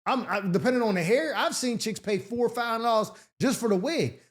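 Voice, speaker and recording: Speaking a little fast in a very high-pitched voice, this advice show host reads letters and fires back blunt, sarcastic answers. His commentary is a profane, slang-heavy, casual rant.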